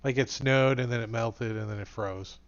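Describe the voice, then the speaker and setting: A man's voice: medium pitch, normal speed, smooth. Rambling male game master, lo-fi. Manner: casual, rambling, many fillers. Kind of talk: narrating a tabletop game.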